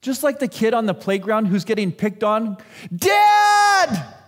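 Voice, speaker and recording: A man's voice: high voice, moderate pace. A man giving a sermon in a conversational, self-deprecating way, acting out what people say. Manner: conversational, self-deprecating preaching with acted-out quotes. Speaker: pastor.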